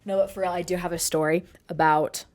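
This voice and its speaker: A woman in her twenties tells a story to her vlog audience in a slightly low voice. She rambles along in a chatty way, full of asides and quick corrections. It sounds like an easygoing, personal storytime. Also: fairly even intonation, a little mellow. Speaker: vlogger.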